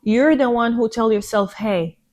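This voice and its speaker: Woman co-host, middle pitch, earnest motivational podcast talk, close to tears. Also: normal speed. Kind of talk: casual podcast chat.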